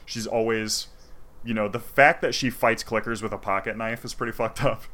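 A man in casual chat, retelling a game's story in an animated, profane way. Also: fairly low pitch, moderate pace. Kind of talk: casual chat retelling a video game plot.

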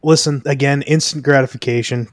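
A man's voice: medium pitch, fairly even intonation, fairly quick, dry recording, studio quality. Wry man dropping one-liners. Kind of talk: casual chat.

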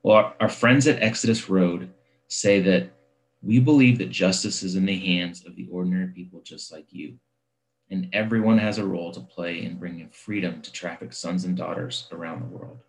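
A man's voice: low voice, fairly even intonation, normal speed, vocal fry, low-quality recording. A man hosting a podcast, reading an earnest, persuasive charity appeal. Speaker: podcast host. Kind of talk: sponsor-style appeal read.

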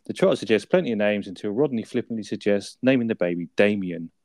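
A man with a lowish, mellow voice chats loosely about a sitcom episode, laughing and swearing as he quotes the characters. The recording is dry and close. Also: lively intonation, fast, no room sound. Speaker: podcast co-host. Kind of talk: casual chat reviewing a sitcom episode.

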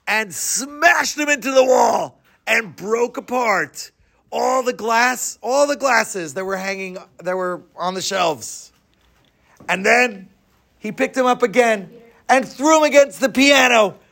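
High, gravelly male storyteller. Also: expressive, slow pace. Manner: dramatic, drops to a hush for suspense. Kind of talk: told joke story.

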